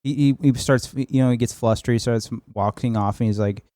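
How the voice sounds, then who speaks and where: A man's voice: mid-range voice, fairly even intonation, fairly quick, mellow, dry recording, studio quality. A man co-hosting a casual film podcast, recapping scenes in a rambling way with casual swearing. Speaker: podcast co-host. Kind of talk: casual film review chat.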